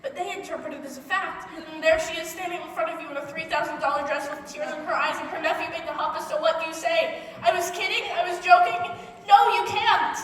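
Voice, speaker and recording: A woman's voice: extremely high pitch, fairly even intonation, quick pace, hardly any pauses, a bit bright. A woman playing a wry, rambling male musical fan, confiding asides to the audience on stage. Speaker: narrator character. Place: theater stage. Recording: distant echoey stage recording.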